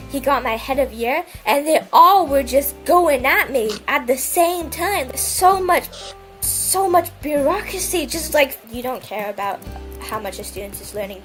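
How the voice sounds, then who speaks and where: High-voiced young woman ranting. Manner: animated, indignant ranting with mocking voices. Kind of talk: casual storytelling chat.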